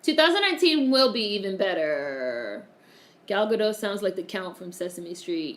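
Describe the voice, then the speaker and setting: A very animated woman with a mid-range voice talks at normal speed. She's a chatty live streamer going through viewer comments aloud, with plenty of laughter and salty language.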